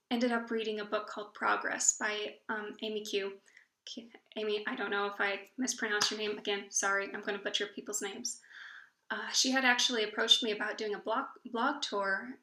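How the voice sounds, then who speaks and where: A book blogger talks casually to camera in an echoey room, her mid-range voice carrying a sharp tone. She tells stories gushingly, frequently stumbling and restarting her sentences.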